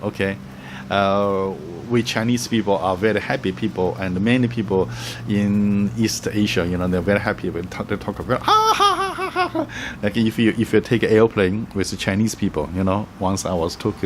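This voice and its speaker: A man giving travel tips in a casual, halting way, with many fillers, restarts and frequent chuckles. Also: on the low side, steady tone, slight background noise. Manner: chuckles often, acts out little quoted voices. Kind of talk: casual explaining to camera.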